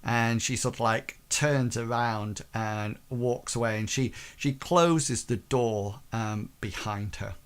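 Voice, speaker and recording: A man's voice: medium pitch, slow, few pauses, clear, resonant tone. A man narrating a tabletop game as game master, rambling with many fillers.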